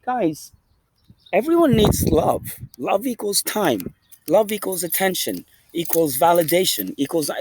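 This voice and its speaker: A man with a slightly high voice vlogs outdoors in a park against a noisy background. He swears constantly and rambles in a preachy, emphatic way, a casual monologue.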